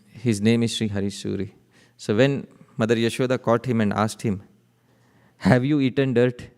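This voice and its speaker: A man's voice: on the low side, gravelly, a little mellow. A man preaching a devotional sermon, telling stories and asking his audience questions. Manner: chanting verses, asking the audience rhetorical questions. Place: temple hall. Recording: reverberant temple hall.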